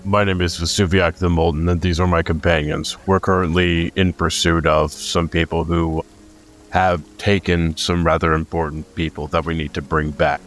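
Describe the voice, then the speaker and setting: A man's voice: low voice, level tone, natural voice. A man voicing a proud, composed male dragon adventurer in a tabletop game, speaking formally. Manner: formal, measured.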